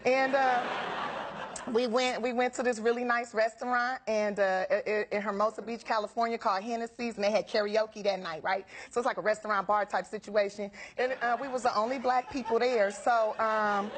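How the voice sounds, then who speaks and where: A woman telling a comic story in casual chat, animated and laughing, acting out the people in it. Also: normal speed. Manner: animated, laughing, high-energy, acts out voices. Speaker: storyteller guest.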